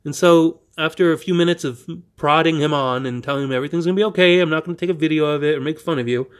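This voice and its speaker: A male podcast host telling a story in a lively, animated way. He acts out both sides of a back-and-forth conversation. He often restarts his words mid-sentence. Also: on the high side, smooth. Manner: animated, reenacts dialogue with quick restarts. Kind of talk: storytelling monologue.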